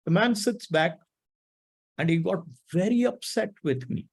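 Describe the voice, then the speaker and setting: On a rough recording, a middle-aged webinar speaker reflects on a coaching story and performs the quoted lines of its people. His high voice is animated and measured, creaky, slightly mellow, with a breathy edge.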